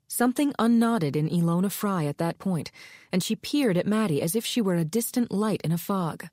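A woman narrating a thriller audiobook in an even, steady storytelling delivery. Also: fairly low pitch, moderate pace, no echo, clean studio sound. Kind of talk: scripted narration.

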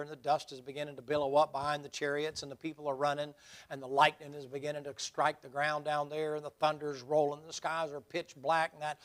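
Folksy preacher. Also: male voice, a little high, fairly bright tone. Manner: folksy, humorous storytelling. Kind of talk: sermon.

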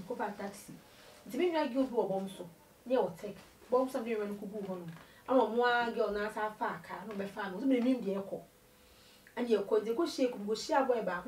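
A woman telling her life story in an interview, an animated storyteller who switches between Twi and English. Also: a little high, fast talker, reverberant, far from the mic, slight background noise, low-quality recording. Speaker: interview guest.

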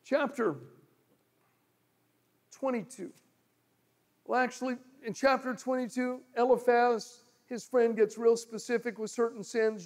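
A male pastor preaching a sermon, telling stories and shifting from loud pleading to low murmurs. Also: fairly even intonation, a little slow, pauses often. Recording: long hall reverb.

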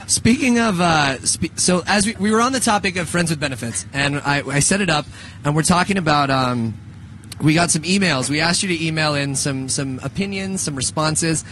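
A man's voice: a little high, normal speed, a bit bright, slight background noise. Rambling, laughing young man co-hosting. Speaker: radio show co-host. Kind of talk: casual joking radio chat.

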